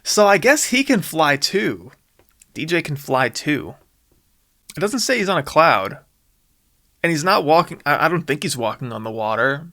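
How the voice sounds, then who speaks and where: A man's voice: fairly high pitch, big pitch swings, normal speed, bright, forceful tone, no echo, studio quality. A young man reading his own old story aloud, with amused, self-mocking commentary. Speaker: author reacting to his own old book.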